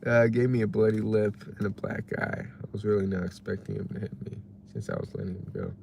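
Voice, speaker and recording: A man's voice: fairly low pitch, steady tone, a little fast, gravelly, darkish tone, a little hiss or hum. A man casually chatting on a livestream, musing and reading chat messages aloud from his parked car. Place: parked car while waiting for delivery orders.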